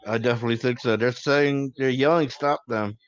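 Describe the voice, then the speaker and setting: A man's voice: medium pitch, fairly even intonation, quick pace. A man playing a tabletop game, offering brief, agreeable suggestions. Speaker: player. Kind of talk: casual tabletop game chat. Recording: muffled lo-fi audio.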